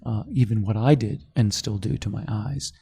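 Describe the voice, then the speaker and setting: A middle-aged man, a company founder, telling his story in a podcast interview, animated and quick to act out what others said. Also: lowish voice, creaky, breathy edge. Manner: animated storyteller, acts out quoted voices.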